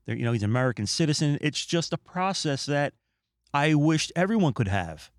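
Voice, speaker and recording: A middle-aged man hosting a podcast, talking in an animated, emphatic and opinionated casual monologue. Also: fairly high pitch, a little fast, dry recording, clean studio sound. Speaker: podcast host.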